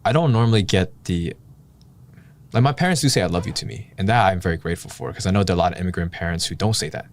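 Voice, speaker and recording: Deep-voiced man, reflective and candid. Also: expressive, racing. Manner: reflective and candid, thinking aloud with sighs. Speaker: podcast co-host. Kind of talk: casual heart-to-heart chat.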